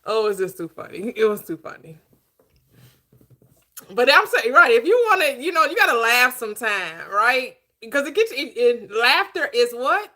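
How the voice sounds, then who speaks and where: A woman's voice: fairly high pitch, very animated, moderate pace, pushed and bright. A middle-aged woman hosting a casual livestream chat, giggly and chatting with her viewers. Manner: giggly, laughs often, talks to viewers. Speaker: host.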